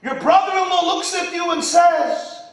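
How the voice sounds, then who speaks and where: A rabbi giving an impassioned sermon at an event, swinging from shouts to near-whispers and using Hebrew and Yiddish terms. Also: male voice, extremely high pitch, moderate pace. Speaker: rabbi and speaker. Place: event hall. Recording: echoey hall from far off.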